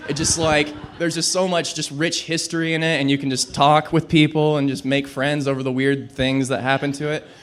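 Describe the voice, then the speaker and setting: Young man, stand-up comic, slightly high voice, rambling, self-deprecating, filler-heavy, small club stage. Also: little pitch movement, moderate pace, few pauses, a little hiss or hum. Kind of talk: stand-up comedy set.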